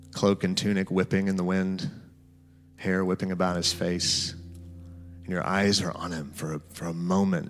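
A man's voice: low voice, fairly bright tone. A man preaching a sermon, telling a story in guided imagery and speaking to the listeners as "you". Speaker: pastor.

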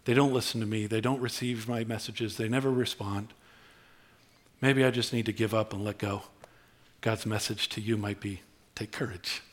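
A man preaching a sermon, swinging from low, intimate tones to high, excited outbursts. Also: normal speed. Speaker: pastor.

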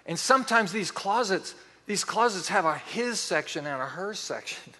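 A middle-aged man preaching a sermon, telling animated stories with acted-out quotes. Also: high voice, moderate pace, in a large hall. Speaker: pastor.

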